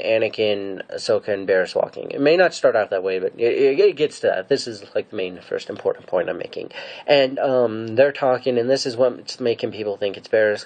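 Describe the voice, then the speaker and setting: A man's voice: on the low side, a little mellow. A man casually recapping and giving opinions on episodes of a show, rambling and hesitant with many fillers and restarts. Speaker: fan reviewer.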